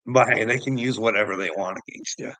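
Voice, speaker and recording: A man's voice: lowish voice, quick pace, a bit bright, no room sound, low-quality recording. A man telling a personal story to camera in a rambling, profane way, often laughing as he goes. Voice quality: gravelly. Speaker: vlogger.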